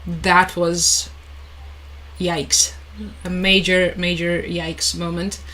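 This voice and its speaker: A woman's voice: on the low side, little pitch movement, drawn-out words, pushed and bright, poor audio. A young woman hosting a casual live stream, chatting, laughing often and reading out viewer comments. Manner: chatty, laughs often, reads chat aloud.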